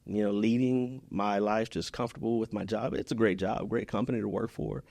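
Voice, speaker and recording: A man's voice: on the low side, fairly even intonation, a little fast, creaky, a little mellow, dry recording. A man from Houston, Texas, talking as a podcast guest in an earnest, heartfelt way, often restarting his sentences. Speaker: podcast guest, business owner. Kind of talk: casual interview chat.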